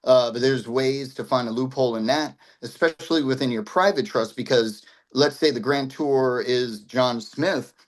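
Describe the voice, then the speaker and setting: A man's voice: medium pitch, normal speed, hardly any pauses, rough recording. Man lecturing casually, tagging "right?". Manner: conversational, keeps checking in with "right?"; restarts and repeats himself while explaining. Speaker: instructor. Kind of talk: informal class lecture.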